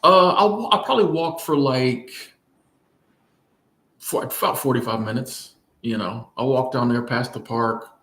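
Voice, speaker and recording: A man tells a story in a loose, rambling way, with lots of fillers and restarts. His voice sits at an ordinary middle pitch. The room around him echoes noticeably. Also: unhurried, fairly bright tone. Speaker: vlogger. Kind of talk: casual storytime chat. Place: in Bangkok.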